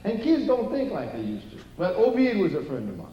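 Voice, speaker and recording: An older Cajun man spins folksy jokes from a theater stage, chatting with the crowd as he goes. His voice sits a bit high for a man. The sound is distant and roomy, with a dull, muffled quality. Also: huge pitch swings, a little fast, slight background noise. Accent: Cajun Louisiana. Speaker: stand-up storyteller. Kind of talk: live stand-up comedy. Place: theater stage before a live audience.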